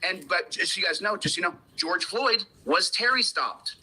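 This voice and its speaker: A man's voice: sits high, expressive, normal speed, sharp tone, a little hiss or hum, low-quality recording. An American man giving an impassioned, lecturing talk on rights, often restarting his sentences. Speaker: commentator on a played clip.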